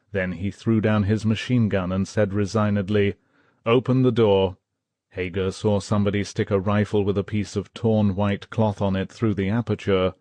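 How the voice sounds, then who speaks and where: A man reading an audiobook in steady, measured scripted narration. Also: lowish voice, no echo. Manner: measured, steady storytelling, voicing characters' shouts.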